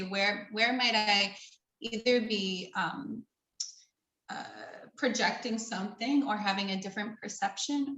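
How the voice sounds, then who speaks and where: A woman's voice: medium pitch, fairly bright tone. Thoughtful woman guest, echoey room. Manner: thoughtful, searching, many ums. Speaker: podcast guest. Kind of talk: reflective self-growth talk.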